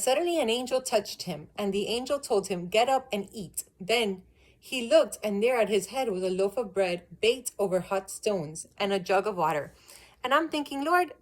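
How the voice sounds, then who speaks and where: A woman casually talking through her Bible reading in a vlog, retelling stories in a chatty, amused way with plenty of "like". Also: medium pitch. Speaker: vlogger sharing Bible reading.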